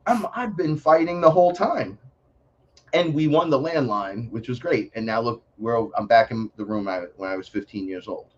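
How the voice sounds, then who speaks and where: A man telling stories as an interview guest, excitable and profane, acting out voices as he goes. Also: medium pitch, normal speed. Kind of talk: animated storytelling. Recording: dull lo-fi audio.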